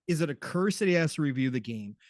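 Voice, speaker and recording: A man's voice: on the high side, animated, quick pace, no echo, studio quality. A man co-hosting a gaming podcast in casual chat, teasing and laughing often. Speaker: podcast co-host.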